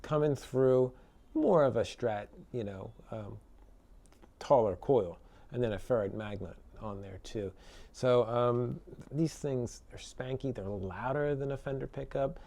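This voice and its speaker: A man's voice: medium pitch, measured pace. Laid-back man demoing a guitar, loose and talky, full of fillers and tag questions. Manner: relaxed, chatty, many fillers and tag questions. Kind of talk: casual product demo talk. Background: electric guitar playing.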